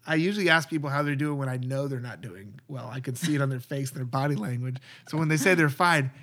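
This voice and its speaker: A man's voice: medium pitch, quick pace, a bit bright. A man, a pastor, talking earnestly and conversationally about church community. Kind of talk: casual podcast talk.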